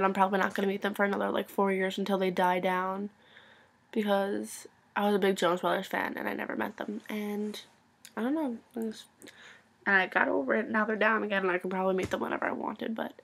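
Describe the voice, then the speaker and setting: A young woman telling an excited story for her vlog, gushing and full of "like," sometimes dropping to a whisper. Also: mid-range voice, gravelly. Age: young adult. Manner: gushing, breathless, constant "like" filler; swings between loud excitement and hushed whispers. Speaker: vlogger.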